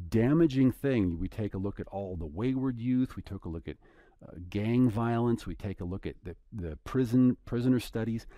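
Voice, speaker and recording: Male Bible teacher, lowish mellow voice, dry close sound, earnest and conversational. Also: dry recording. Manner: conversational, earnest, paraphrases scripture casually. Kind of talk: scripture teaching.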